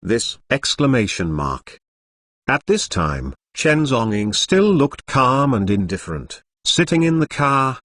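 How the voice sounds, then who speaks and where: A man's voice: medium pitch, fairly bright tone, no room sound. A computer-voiced man narrating a web novel, reading out punctuation marks in stilted phrasing. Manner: reads punctuation marks aloud.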